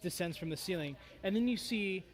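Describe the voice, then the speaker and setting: Man, game master, loose rambling narration, slightly high voice. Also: lively intonation, brisk. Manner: loose, filler-heavy narration.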